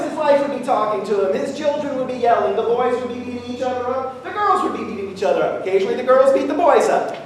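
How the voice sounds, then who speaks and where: A man's voice: extremely high pitch, slight background noise. A man telling a playful, jokey story as a sermon at an interfaith service, heard from far off in a large church sanctuary. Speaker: guest speaker at interfaith service. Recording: echoey hall from far off.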